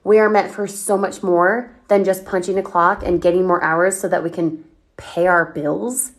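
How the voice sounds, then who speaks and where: A woman coaching on a livestream, talking energetically and firing off questions at her viewers as she reads their comments. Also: lowish voice. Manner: energetic, chatty, asks rapid questions. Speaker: online business coach.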